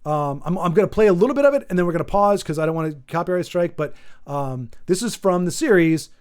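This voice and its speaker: A man's voice: high-pitched, expressive, fast, a little mellow, clean tone. A man hosting his own channel, ranting off the cuff in a rambling way, full of restarts and fillers. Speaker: channel host. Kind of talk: off-the-cuff commentary rant.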